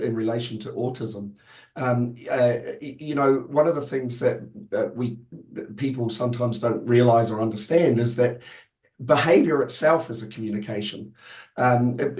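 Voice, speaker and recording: A man with a voice going hoarse, speaking hesitantly and thoughtfully with many restarts on a webinar panel. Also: mid-range voice, a little mellow, reverberant. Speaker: panelist, autism specialist.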